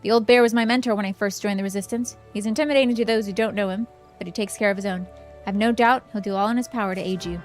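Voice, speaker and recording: A woman's voice: mid-range voice, steady tone, quick pace, faint music behind, lightly acted. A woman voicing a stern, protective male rebel captain, reading game dialogue aloud.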